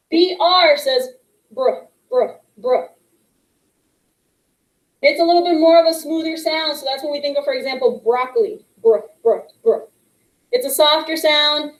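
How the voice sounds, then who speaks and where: A woman teaching young students a phonics lesson, patient and encouraging, slowly sounding out letter blends. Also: sits high, reverberant, low-quality recording. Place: classroom with a whiteboard. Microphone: microphone picked up partway.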